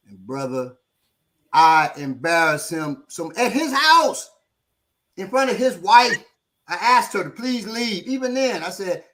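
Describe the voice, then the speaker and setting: Bright, high-pitched man; animated instructor telling stories, curses freely. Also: measured pace. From Chicago. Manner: animated, swears freely, acts out quoted people. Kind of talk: casual storytelling discussion.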